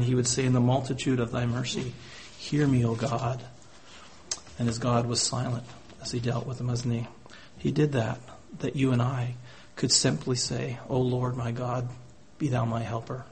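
A man preaching a sermon in earnest tones, often closing his points with tag questions and quoting scripture in old-fashioned wording. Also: mid-range voice. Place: church gathering.

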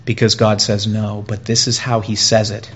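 A man preaching a sermon in an earnest way, repeating phrases and pausing, and growing louder and higher when he voices pleas. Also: little pitch movement, husky, lo-fi sound. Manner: earnest, with pauses and repetition, rising and louder in quoted pleas.

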